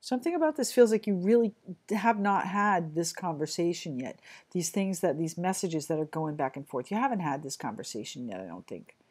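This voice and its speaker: A woman giving a casual tarot reading to viewers, talking in a chatty, halting way with frequent restarts and apologies. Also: lowish voice, animated, a little mellow, breathy edge. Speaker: tarot reader.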